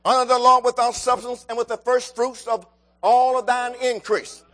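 Man, high voice, preaching a sermon with call-outs to the congregation. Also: little pitch movement, normal speed, fairly bright tone. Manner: calls out to the congregation, rising and falling emphasis.

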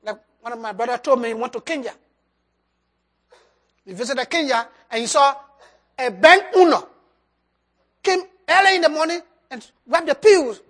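A preacher giving a sermon and altar call, swinging between loud emphasis and soft drops, with loose grammar. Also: sits high, moderate pace, pauses often. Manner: loose, nonstandard English grammar.

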